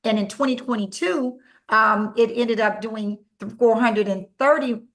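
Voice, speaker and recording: A woman hosting an online sales presentation, upbeat and steady. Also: fairly high pitch, measured pace.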